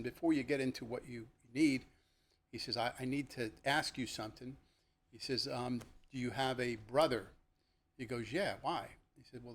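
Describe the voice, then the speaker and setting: An older man, a retired police lieutenant, recounts his cases in a relaxed, conversational way, full of fillers and restarts. His voice sits at an ordinary, middle pitch, and he animatedly acts out the voices of the people in his stories. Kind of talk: podcast storytelling.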